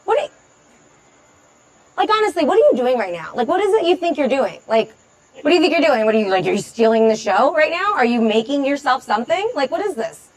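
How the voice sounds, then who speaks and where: An actress playing a thirty-year-old stand-up comedian who sarcastically tears into a heckler, with lots of filler words. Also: female voice, high voice, big pitch swings, quick pace, rough recording. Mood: sarcastic. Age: 30s. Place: comedy club stage.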